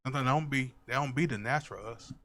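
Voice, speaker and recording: Calm spiritual young man, casual. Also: mid-range voice, very fast. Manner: calm, spiritual, says bro. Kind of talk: casual group discussion.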